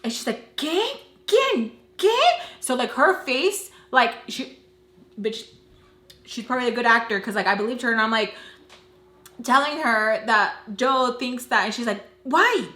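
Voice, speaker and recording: A woman's voice: fairly high pitch, moderate pace. A young woman telling a dramatic story from her own life as a vlogger, in casual chat full of fillers, acting out the voices of the people in it. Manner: animated, lots of filler "like", quotes others in lively voices. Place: indoors at home doing makeup. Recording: echoey room.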